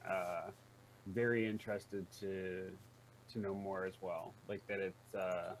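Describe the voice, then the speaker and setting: A man's voice: deep voice, level tone, slow, slight background noise, low-quality recording. A man playing in a tabletop role-playing game, politely asking the others questions. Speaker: player. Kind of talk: tabletop role-play chat.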